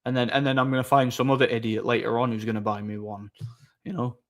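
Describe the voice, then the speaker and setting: A man's voice: medium pitch, little pitch movement, quick pace. A man chatting casually on a live stream, reading viewer messages aloud, rambling with repeated words and frequent laughter.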